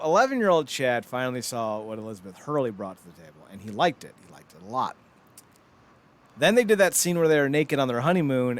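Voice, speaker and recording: A man in his thirties hosting a podcast, chatting casually and joking with lots of laughter. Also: mid-range voice. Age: 30s. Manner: animated, joking, laughs often. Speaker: podcast host. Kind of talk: casual chat.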